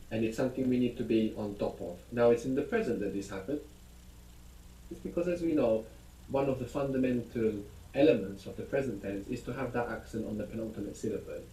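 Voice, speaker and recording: A man's voice: mid-range voice, mellow, far from the mic. A man teaching as a language teacher in a recorded audio lesson, explaining patiently and guiding with questions. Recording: echoey audio played from a speaker across a room.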